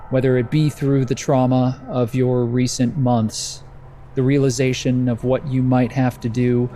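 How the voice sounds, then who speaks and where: Mellow-voiced man narrating a horror game. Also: medium pitch, slight background noise. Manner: slow, atmospheric descriptive narration. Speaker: game master.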